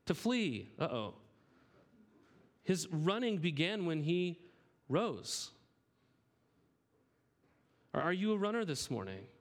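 Thirties male pastor, chatty and earnest sermon delivery, slightly raised pitch. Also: very animated, slow pace, pauses often. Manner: earnest, conversational, repeats words when starting sentences.

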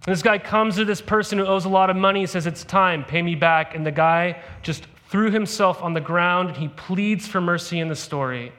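Animated conversational man preaching a sermon. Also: on the high side. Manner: conversational, animated storytelling with asides. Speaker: pastor.

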